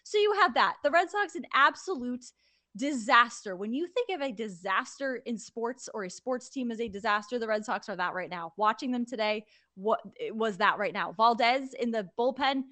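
Woman, bright sharp voice, exasperated animated ranting, sports podcast co-host. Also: on the high side, moderate pace. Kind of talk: casual sports podcast chat.

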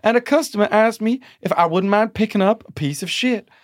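A man's voice: sits high, fairly quick, voice pushed up, close to an everyday voice. A man doing a mock American Southern accent as a genteel, dramatic Southern belle reading a letter.

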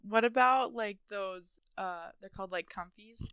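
A woman's voice: mid-range voice, measured pace, fairly bright tone, clear, resonant tone, no echo. A young woman with an Upper Midwest American accent hosting a casual chat, giggly and chatty, with plenty of fillers. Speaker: podcast host.

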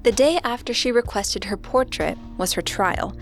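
A woman narrating a scripted true-crime story as podcast co-host, in a steady storytelling delivery. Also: a little high, normal speed, faint music behind.

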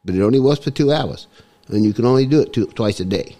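A man's voice: medium pitch, lively intonation, fast, mellow, natural voice. A man putting on a Cockney accent while telling a rambling tall tale with chuckles in a garage. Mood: joking.

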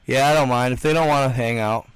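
A man's voice: mid-range voice, steady tone, quick pace, smooth, dry recording. Slangy man on a livestream. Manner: emphatic, repeats himself, slangy. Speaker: livestream host. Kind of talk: casual livestream chat reading comments.

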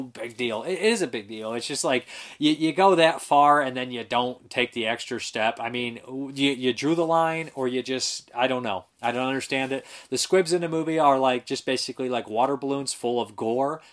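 A man's voice: medium pitch, a bit bright. Rambling, frank man reviewing movies. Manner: rambling, frank, swears, many fillers. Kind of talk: casual spoken review.

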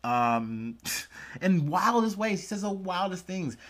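A man's voice: sits high, very animated, takes it slowly, a bit bright. Young male podcast host, casual solo news chat, lots of "like" and "um", self-mocking. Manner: rambling, filler-heavy, self-deprecating.

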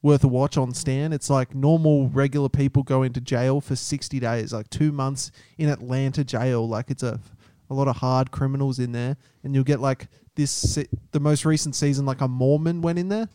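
A man's voice: medium pitch, fairly even intonation, moderate pace, few pauses, mellow, smooth, no echo. A man co-hosting a podcast, wry and offhand in casual comedic banter. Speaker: podcast co-host.

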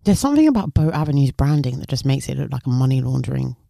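Joking young woman, animated. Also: very deep voice, creaky, dry recording, clean studio sound. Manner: joking, laughing, quick asides. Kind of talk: casual chat.

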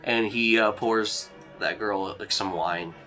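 A man's voice: fairly low pitch, slow pace, sharp tone, faint music behind. A man narrating as game master in a tabletop game, talking casually and rambling with many fillers.

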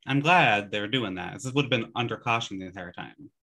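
Bright-voiced easygoing male co-host. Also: lowish voice, fairly quick, creaky. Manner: easygoing, hedging with "I don't know". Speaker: podcast co-host. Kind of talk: casual chat.

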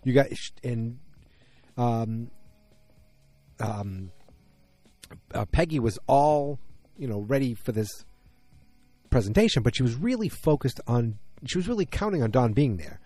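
A man's voice: medium pitch, expressive, a little slow, long pauses, warm tone, soft background music. A man casually recapping a TV episode, rambling and correcting himself mid-sentence in loose, slangy talk.

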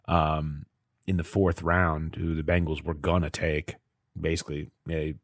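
Deep-voiced man telling a locker-room story. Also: dry recording, studio quality. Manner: chatty storyteller, lots of fillers, laughs at his own stories. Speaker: sports beat reporter and podcast co-host. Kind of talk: casual sports podcast chat.

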